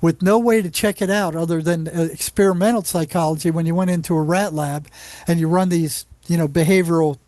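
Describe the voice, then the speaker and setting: High-voiced man telling lively stories. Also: a little fast, no echo. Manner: animated anecdotes with frequent restarts. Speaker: psychologist on a psychiatric unit. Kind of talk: casual storytelling in an interview.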